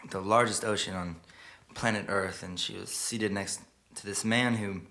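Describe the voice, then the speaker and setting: A man telling a story in a soft, hushed and halting way, pausing and restarting often. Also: on the low side, fairly even intonation. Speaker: singer-songwriter. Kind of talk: spoken storytelling intro to a song. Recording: loud guitar playing behind the voice.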